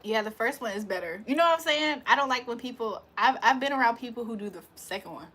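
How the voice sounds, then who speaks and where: A woman's voice: a little high, lively intonation, fast, bright, forceful tone. A woman livestreamer in casual chat, teasing and laughing as she answers viewer comments. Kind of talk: casual live-stream chat.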